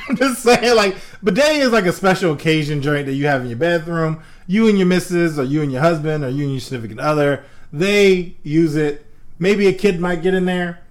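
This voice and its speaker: A man co-hosting a podcast, telling stories in a casual, animated way and laughing often. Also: a little high, a little fast. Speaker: podcast co-host.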